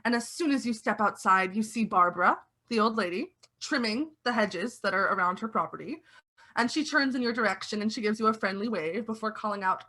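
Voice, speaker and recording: A woman's voice: medium pitch, a little fast, bright, forceful tone. A woman narrating as game master in a casual, filler-heavy way.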